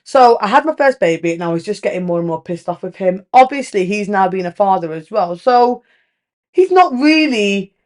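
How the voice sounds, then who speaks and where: A woman, hosting a podcast and talking candidly in a casual monologue, animated and blunt, swearing freely and acting out quoted dialogue. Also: medium pitch, moderate pace. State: tearful in places. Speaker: podcast host.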